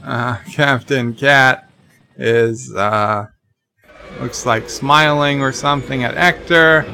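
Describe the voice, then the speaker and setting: A man's voice: medium pitch, slow pace, creaky, pushed and bright, faint music behind. A man streaming a city-building game, reading chat messages aloud and joking along with the viewers. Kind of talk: casual live-stream chat.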